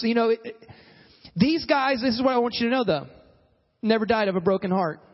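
A man preaching a sermon as pastor, animated, acting out quoted voices and calling for amens. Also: extremely high pitch, long reverb tail, lo-fi sound.

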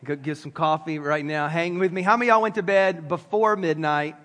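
A man's voice: fairly high pitch, brisk, fairly bright tone, in a large hall. A man preaching a sermon, joking with the congregation and talking straight to them. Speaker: pastor. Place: church sanctuary.

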